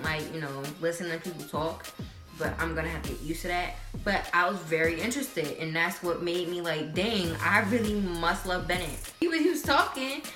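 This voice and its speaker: A young woman in her late teens, an incoming college freshman, telling stories in a casual vlog with a chatty, animated manner. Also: on the low side. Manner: chatty, animated, lots of fillers. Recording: roomy echo with background music.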